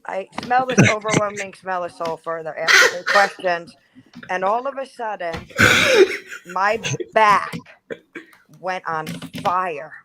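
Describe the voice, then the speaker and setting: A woman's voice: medium pitch, measured pace, noisy background. A woman in her thirties telling a personal ghost story in casual chat, full of "like" and acted-out quotes. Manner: chatty, heavy use of "like", acts out quotes. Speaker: guest storyteller.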